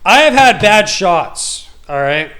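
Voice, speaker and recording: A man's voice: high-pitched, very animated, slow pace, pushed and bright. Rambling, slangy man telling a story. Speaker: gaming video host. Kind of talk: casual storytelling while gaming.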